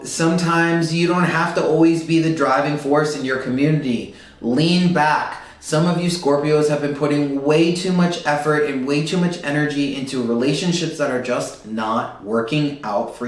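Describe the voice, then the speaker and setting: A tarot reader with a medium-pitched voice gives a casual astrology reading, loose and emphatic, often checking in with "okay?". He sounds set back from a distant mic in a very echoey room.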